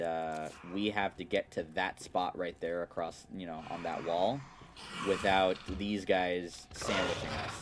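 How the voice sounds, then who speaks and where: A man giving casual, chatty game commentary, explaining his strategy with playful asides. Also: low-pitched. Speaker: gaming streamer. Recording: steady background noise.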